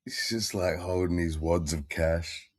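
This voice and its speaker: A man's voice: deep voice, steady tone, unhurried, no echo, studio quality. A man hosting a casual chat in a crude, rambling, laid-back manner. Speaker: stream host.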